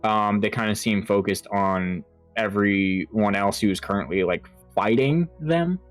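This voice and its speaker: A man running a tabletop horror game as game master, talking in a halting way with lots of fillers and restarts. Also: lowish voice, soft background music.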